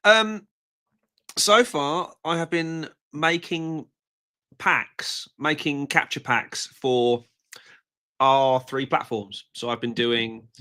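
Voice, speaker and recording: A man's voice: on the high side, takes it slowly, pushed and bright. A man co-hosting a live show with wry, theatrical quips. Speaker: co-host. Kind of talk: casual live show chat.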